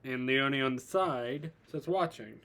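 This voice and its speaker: A man narrating a fan-made story in an unhurried, halting way. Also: mid-range voice, gravelly, a bit bright.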